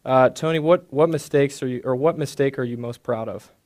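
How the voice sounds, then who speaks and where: A man interviewing a guest on stage in a relaxed, chatty way. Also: mid-range voice, fairly quick. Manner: relaxed, chatty, with small restarts.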